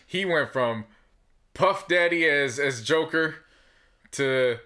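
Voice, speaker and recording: A man chatting on a podcast with a bright, forward voice. He is laid-back and cracks dry, teasing jokes at his co-host. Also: on the high side, expressive, slow. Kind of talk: casual chat.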